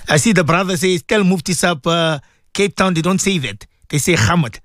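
A man presenting a radio call-in show, reading out listener questions to his guest in a casual, lively way. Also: high-pitched, normal speed, no room sound, clean studio sound. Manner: lively, prompting, reads out messages.

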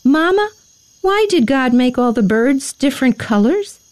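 A woman voicing a small, curious boy who asks eager, excited questions in a soft, high voice. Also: a little slow.

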